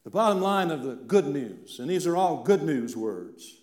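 A male pastor from central Appalachia preaching a sermon, swinging from loud declarations down to hushed, almost whispered lines. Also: on the high side, sing-song, moderate pace. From central Appalachia, Virginia and eastern Kentucky. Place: church sanctuary. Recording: echoey church room.

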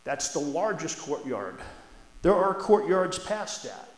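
A man preaching a sermon as a church elder, talking in a folksy, earnest and conversational way. His voice sits a little high for a man. The sound rings around a large, echoey church room. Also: big pitch swings, slow. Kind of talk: sermon with scripture reading. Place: church sanctuary.

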